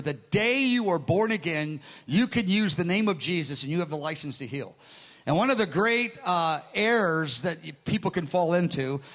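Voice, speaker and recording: A man preaching a sermon, telling a story with lively quoted dialogue and repeating words as he starts phrases. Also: high-pitched.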